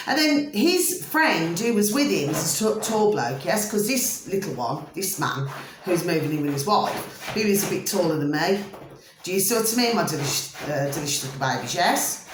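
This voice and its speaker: A woman ranting to her viewers in an animated monologue, full of repeated "I said" and fond pet names for her audience. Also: medium pitch, echoey room, slight background noise. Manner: animated, repeats "I said", calls viewers "my delicious little babies". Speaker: vlogger.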